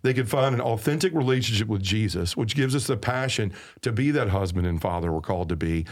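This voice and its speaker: A man's voice: on the low side, expressive, fast talker. A man with a Southern accent, a podcast guest telling his faith story earnestly, stressing and repeating key phrases. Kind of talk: personal faith testimony in conversation.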